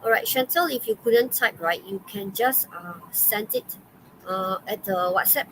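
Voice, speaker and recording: A woman with a Malaysian English accent teaches an online English class, chatty and full of okays and fillers, laughing often. Her medium-pitched voice is fairly bright and measured in pace, and the poor audio carries a little hiss or hum.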